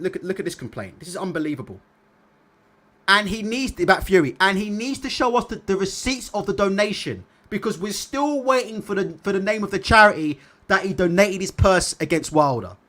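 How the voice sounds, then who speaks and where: A man hosting a casual livestream, reading viewer comments aloud and chatting about them in an animated way. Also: sits high, a little fast. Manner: animated, repeats tag questions. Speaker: boxing livestream host.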